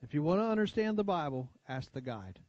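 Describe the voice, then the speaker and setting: An American man preaching in a church, with a slightly high voice that sounds a little muffled and lo-fi. He talks in a chatty, conversational way, asks the congregation for amens, and sinks low and quiet on the lines he wants to stress. The sound is close and dry. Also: very animated, fairly quick, no room sound. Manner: conversational preaching, frequent call-and-response asides. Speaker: pastor. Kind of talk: sermon. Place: church sanctuary. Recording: dull lo-fi church recording.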